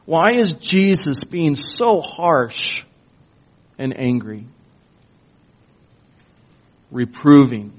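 Slow, emphatic male pastor preaching. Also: a little high, darkish tone. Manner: slow, emphatic preaching with rising bursts of intensity. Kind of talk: sermon. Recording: dull lo-fi recording.

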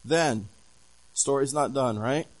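A man's voice: mid-range voice, slow, poor audio. A man pastor preaching a sermon, telling a story with animation and asking the congregation questions.

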